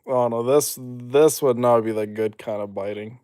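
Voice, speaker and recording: A young man streaming and reading chat, teasing his viewers playfully and then turning soft and reassuring. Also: medium pitch, moderate pace, few pauses, no room sound, studio quality.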